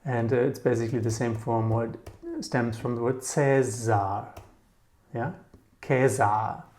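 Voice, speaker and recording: This male German teacher speaks slowly in a steady, mid-range voice, thinking aloud through a casual explanatory lesson. He keeps asking "yeah?" and repeating words again and again, while keys clatter softly as he types.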